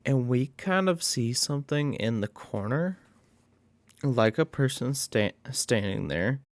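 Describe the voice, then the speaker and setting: A man giving a casual recap of a horror movie, excitable and profane. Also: mid-range voice, measured pace, dry recording, clean studio sound.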